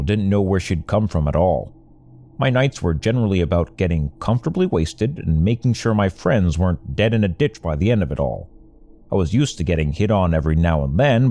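A young man tells a first-person story in a wry, conversational manner. His voice sits low and mellow. His pitch moves in lively swings as he narrates.

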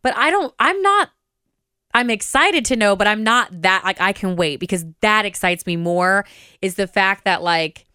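A woman's voice: mid-range voice, animated, moderate pace, bright, forceful tone, clear, resonant tone, no echo, clean studio sound. A young adult woman co-hosting a podcast, chatting casually and giggling as she tells stories. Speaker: podcast co-host. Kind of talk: casual chat.

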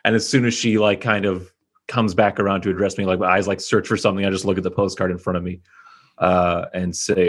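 A man playing a tabletop game, describing his actions with deadpan laughing asides. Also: deep voice, fairly quick. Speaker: player. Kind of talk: casual tabletop play.

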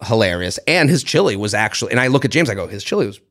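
A young man co-hosting a podcast, telling a story in lively casual chat and acting out the voices of people in it. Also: on the low side, racing. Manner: animated, acts out voices, swears and laughs. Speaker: podcast co-host.

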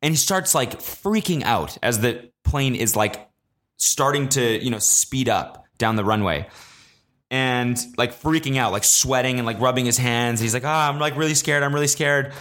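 A man's voice: medium pitch, measured pace, fairly bright tone. A young man hosting a podcast, telling a story in a rambling, profane, self-mocking way, full of fillers. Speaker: podcast host. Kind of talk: casual solo storytelling.

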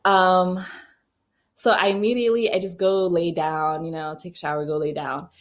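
Chatty young woman, lowish voice. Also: flat delivery, moderate pace. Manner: chatty, laughing often, many fillers and restarts. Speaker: mother telling her birth story. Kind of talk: casual storytelling.

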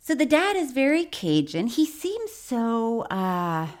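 A woman's voice: on the high side, sing-song, slow pace. A woman co-hosting a comedy podcast, chatting casually and laughing often. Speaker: podcast co-host.

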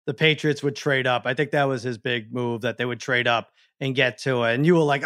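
A man co-hosting a podcast, rambling through a casual sports chat and leaping up in pitch when exasperated. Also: brisk, few pauses, a bit bright. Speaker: podcast co-host.

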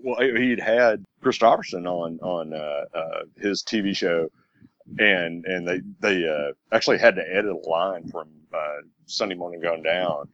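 A man's voice: low voice, normal speed, a bit bright, no echo, lo-fi sound. A man with a Southern US accent, talking hesitantly about a film on a podcast. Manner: hesitant, chuckling, lots of fillers. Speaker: podcast co-host. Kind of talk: casual film discussion.

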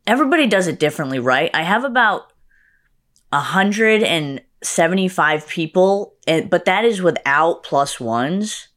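A young woman with a low voice, telling a story in a relaxed chat. She acts out other people's lines and swings her pitch up high for them. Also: moderate pace. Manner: animated, acts out quotes with big pitch jumps. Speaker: guest.

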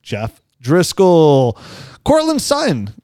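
A man's voice: a little high, huge pitch swings, slow pace, mellow, clear, resonant tone, no echo, studio quality. A man in his forties hosting a podcast, joking around and laughing often in casual chat. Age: 40s. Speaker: podcast host.

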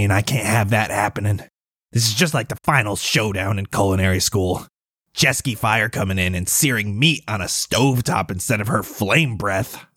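A man's voice: lowish voice, fairly bright tone, dry recording, clean studio sound. A man doing a jealous scheming cook. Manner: rambling, self-doubting inner monologue. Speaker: player. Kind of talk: in-character monologue for a tabletop game.

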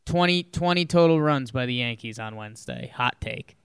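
A man's voice: medium pitch, lively intonation, moderate pace, clean tone, dry recording. Wry male podcast co-host. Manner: dry, wry quips. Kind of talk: casual sports podcast chat.

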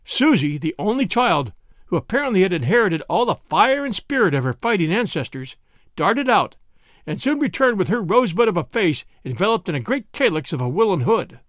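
Male narrator, high and very animated, close and dry, classic-story audiobook. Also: fairly quick, dry recording. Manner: expressive storytelling, lively delivery.

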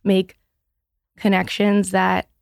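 A woman in her thirties speaks as a guest on a casual podcast. She talks openly and with energy, and she often restarts her sentences. Her voice has a gravelly, creaky edge, and the recording is dry and close. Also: medium pitch, slow, no room sound. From Boston area. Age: 30s. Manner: candid and animated, with frequent restarts and "like". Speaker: guest, business founder.

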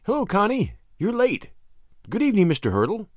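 A man's voice: high-pitched, huge pitch swings, brisk, no room sound, studio quality, voice pushed up. A man reading an audiobook, voicing a clever, gracious young woman who plays hostess. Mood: welcoming. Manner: bright, gracious, demure.

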